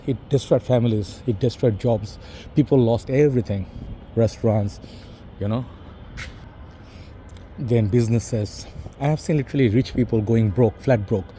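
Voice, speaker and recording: A middle-aged man with a Bangladeshi accent reminisces in a loose, rambling vlog monologue, tossing in "you know" and "bro" as he goes. His voice is very dark and mellow, sitting at an ordinary pitch. Faint traffic noise hums behind him. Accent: Bangladeshi English. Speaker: fragrance reviewer.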